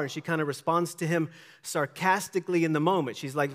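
Male pastor, a little high-voiced, emphatic questioning sermon delivery, recorded in a long-echo church. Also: moderate pace. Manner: emphatic, questioning preacher who acts out the people in his story. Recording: long hall reverb.

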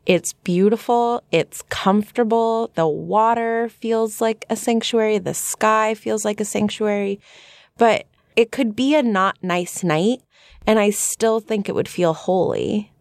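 A woman's voice: mid-range voice, a little slow, dry recording. Female co-host, earnest and reflective, mid-range voice, close dry mic. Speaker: podcast co-host. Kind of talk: casual reflective discussion.

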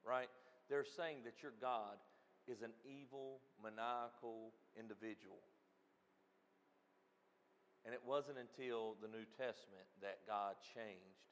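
A man preaching a sermon as a pastor, swinging from loud emphatic lines to quiet asides. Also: medium pitch, fairly even intonation, slow pace, pauses often, a little hiss or hum. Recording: long reverb of a hall.

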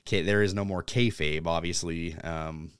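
A man's voice: deep voice, fairly even intonation, normal speed, clear, resonant tone, dry recording, clean studio sound. A man hosting a podcast, chatting casually with lots of fillers and offhand swearing. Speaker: podcast host. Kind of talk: casual wrestling chat.

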